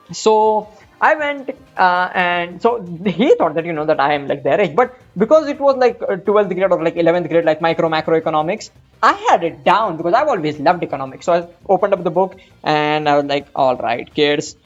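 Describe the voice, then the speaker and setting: A young man in his twenties tells a crude, self-mocking story in a loose, rambling way while he plays. His pitch swings up and down a lot. The audio is dull and lo-fi, with faint music underneath. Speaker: gaming streamer. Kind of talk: casual storytelling over gameplay.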